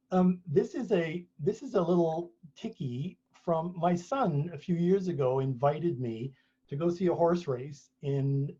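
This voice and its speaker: A husky, somewhat high-voiced man spins an anecdote in a loose, chatty way, often restarting his sentences. The sound is dull and lo-fi, like an online talk. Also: warm tone. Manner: chatty storyteller, many restarts. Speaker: author and speaker. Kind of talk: conversational talk at a book launch.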